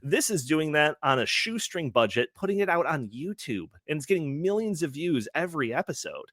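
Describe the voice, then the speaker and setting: A man's voice: a little high, big pitch swings, a little fast, fairly bright tone, no echo, studio quality. A man talking as a panelist on a podcast, explaining at length in casual chat with many fillers. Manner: rambling, filler-heavy explaining.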